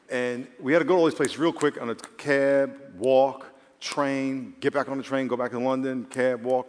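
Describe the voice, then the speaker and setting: A man's voice: mid-range voice, steady tone, normal speed, few pauses. A man preaching a sermon as the church's pastor, telling stories and building to emphatic points. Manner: storytelling, rising to emphatic preaching. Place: large church hall. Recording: long hall reverb.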